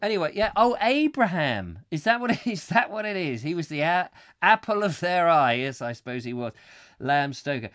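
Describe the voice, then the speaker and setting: A man's voice: on the high side, very animated, normal speed, fairly bright tone, no room sound, studio quality. A man hosting a live comic chat show, rambling and ranting with frequent giggles. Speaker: host.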